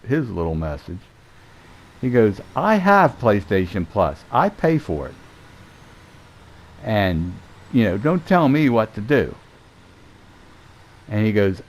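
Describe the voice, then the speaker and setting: A man, a gaming streamer telling a rambling, profane story and acting out each exchange. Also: fairly low pitch. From Southern United States. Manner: animated, swears freely, acts out quoted exchanges.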